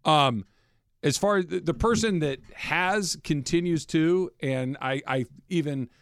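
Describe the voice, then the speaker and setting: A man hosting a sports radio show, chatty and jokey with quick asides. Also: fairly high pitch, dry recording, clean studio sound. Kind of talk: casual radio talk. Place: radio studio. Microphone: studio microphone.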